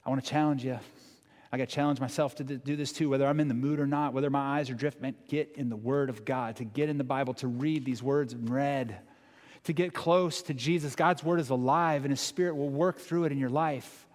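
A man's voice: mid-range voice, steady tone, fairly quick, a little mellow. A male pastor preaching a sermon in an earnest, conversational way, asking the congregation questions. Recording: long church hall reverb.

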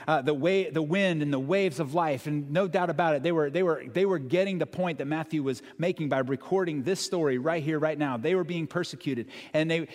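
Animated preacher, slightly high voice, hall echo. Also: male voice. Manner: animated, conversational preaching with dramatic emphasis. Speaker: pastor. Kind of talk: sermon. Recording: long hall reverb.

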